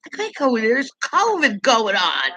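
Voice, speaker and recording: A woman's voice: a little high, huge pitch swings, normal speed, sharp tone. A woman talking in a loose, rambling casual monologue as a vlogger, often muttering and trailing off mid-thought.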